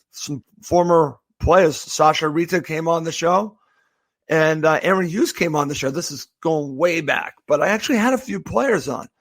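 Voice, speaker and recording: An emotional man from the area, wrapping up his long-running podcast. His voice sits a little high and the sound is close and dry. He talks haltingly, stops and restarts, and says thank you over and over. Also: dry recording. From Boston area, USA. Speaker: podcast host. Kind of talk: heartfelt farewell monologue.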